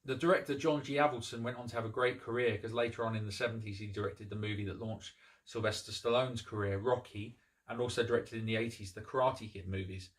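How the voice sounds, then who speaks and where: A man hosting a casual movie review, retelling the plot in a relaxed way with frequent ums and restarts. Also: fairly low pitch, quick pace.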